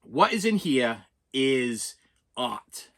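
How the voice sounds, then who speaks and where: A man's voice: on the high side, animated, fairly quick, pushed and bright. A man with a Boston accent chatting casually through an unboxing, rambling and self-deprecating, with frequent restarts. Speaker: collector vlogger.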